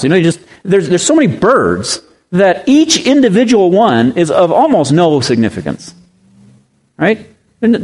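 A man preaching a sermon, emphatic and repetitive, firing rhetorical questions at his listeners. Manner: pitch swings widely for emphasis.

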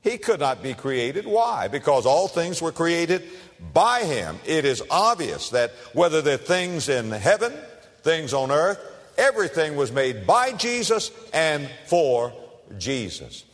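A man pastor preaching a sermon, emphatic, with dramatic pauses and humorous illustrations, in a church sanctuary. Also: a little high, very animated. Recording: long hall reverb.

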